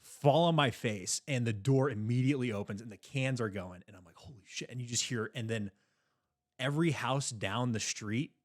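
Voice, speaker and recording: A young man co-hosting a podcast, telling a story in a casual, animated way, swearing freely. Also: medium pitch, normal speed. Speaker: podcast co-host.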